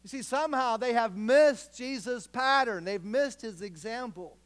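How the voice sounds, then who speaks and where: High-voiced earnest man preaching. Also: normal speed, smooth. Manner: earnest, storytelling, emphatic repetition. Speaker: pastor. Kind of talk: sermon.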